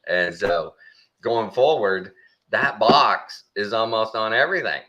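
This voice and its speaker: A man's voice: on the low side, unhurried, low-quality recording. A man with a Texan accent, chatting casually and acting out the people in his stories. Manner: animated storyteller, acts out quoted people. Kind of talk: casual chat.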